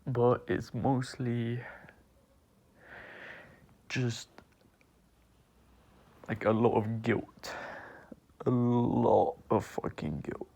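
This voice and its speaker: A man crying as he talks through an apology, halting and choked, with long pauses, sighs and breathy half-whispered words. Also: mid-range voice, fairly even intonation, mellow. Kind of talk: tearful personal apology monologue.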